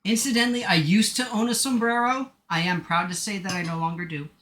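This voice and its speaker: A man's voice: sits high, a little fast, fairly bright tone, roomy sound. A man chatting casually while he plays on a live gaming stream, rambling and joking at his own expense. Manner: rambling, joking and self-mocking.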